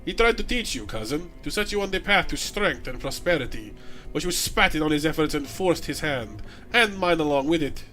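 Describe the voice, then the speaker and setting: A sneering noble villainess speaks with a mock Russian accent, as a man puts her on. Her threats come out bright and forceful, grand and theatrical. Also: on the high side, animated, fairly quick, faint music behind. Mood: sneering menace. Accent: vaguely Russian, put on. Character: cold scheming female villain, noble cousin.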